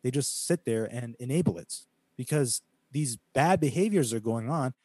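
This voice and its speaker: A man from the United States co-hosting a podcast, talking emphatically in a preachy way. His voice is dark and mellow, and the recording is dry and close. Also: medium pitch, lively intonation, moderate pace, breathy edge, no room sound. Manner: emphatic, preachy, quotes scripture, mocks critics in quoted voices. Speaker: podcast co-host. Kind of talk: casual podcast talk, preaching tone.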